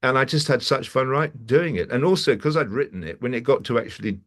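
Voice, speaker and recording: A man's voice: mid-range voice, quick pace, a bit bright. A male actor talking casually as an interview guest from a room at his home, rambling with many restarts.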